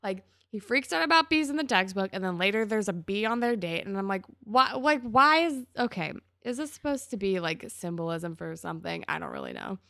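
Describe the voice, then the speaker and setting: Animated young woman recapping a show. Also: brisk, gravelly, hardly any pauses, no echo, studio quality. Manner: animated retelling, acting out lines with pitch jumps. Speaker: podcast co-host. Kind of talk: casual chat recapping a TV episode.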